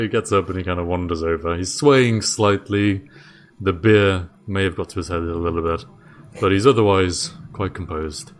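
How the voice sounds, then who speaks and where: A man with a low voice runs a tabletop game. He narrates in a relaxed, easy way, setting the scene between the players' turns. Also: moderate pace. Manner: relaxed, laughs often. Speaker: game master.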